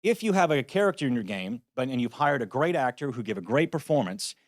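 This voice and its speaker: A man's voice: mid-range voice, sing-song, fast, dry recording, studio quality. A man, a voice actor, giving a practical conference talk with wry, self-deprecating asides. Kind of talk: conference presentation. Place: conference venue.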